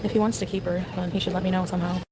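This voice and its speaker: A woman's voice: lowish voice, little pitch movement, very fast. A woman casually chatting on a live stream, answering her chat messages, in a noisy clip with vehicle noise behind her.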